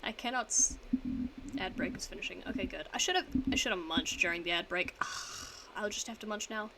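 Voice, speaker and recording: A woman's voice: mid-range voice, normal speed, noisy background. A young woman streaming from home, chatting casually as she reads quiz statements aloud and answers them in a rambling, self-mocking way.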